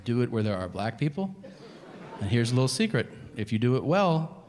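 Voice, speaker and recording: A man's voice: mid-range voice, fairly quick, in a large hall, a little hiss or hum. A male stand-up comedian on stage with a handheld mic, telling a profane story and acting out the dialogue. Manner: animated, profane, acts out dialogue.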